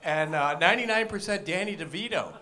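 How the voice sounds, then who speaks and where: A stand-up comedian man from the Detroit area delivering deadpan one-liners with wry asides. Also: fairly high pitch, fairly quick, background noise. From Michigan, Detroit area.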